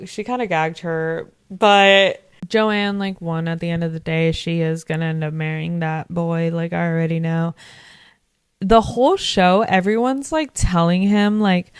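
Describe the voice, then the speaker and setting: A woman's voice: fairly low pitch, measured pace, clear, resonant tone, dry recording. A young woman in her twenties casually recapping a TV episode, chatty and full of fillers, swearing freely. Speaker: vlogger.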